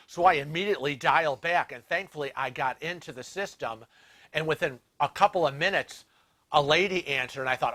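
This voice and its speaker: A man's voice: on the high side, lively intonation, brisk, sharp tone. A man hosting a vlog, retelling a story with indignation and animation. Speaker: host.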